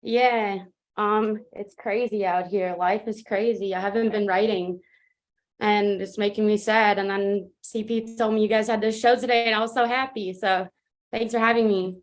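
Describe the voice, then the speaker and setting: A woman's voice: mid-range voice, normal speed. A woman performing a spoken word poem at an open mic, reciting steadily and joining by video call. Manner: steady, even recitation with little rise and fall. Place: remote, joining from afar.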